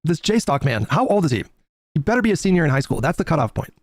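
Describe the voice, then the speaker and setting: A man's voice: fairly high pitch, very animated, fast talker, no echo, clean studio sound. A man on a live stream reacting with incredulous, mocking banter and frequent swearing.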